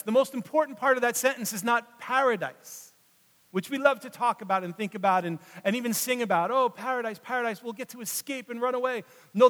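High-voiced male pastor in a reverberant hall. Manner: swings between loud emphatic passages and hushed, slow drops. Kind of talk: sermon. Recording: long reverb of a large hall.

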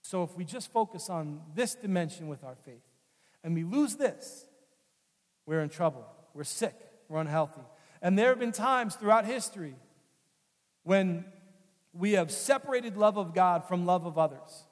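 High-voiced pastor preaching in a reverberant hall. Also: male voice, expressive, moderate pace. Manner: conversational storytelling, earnest, repeats phrases. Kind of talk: sermon.

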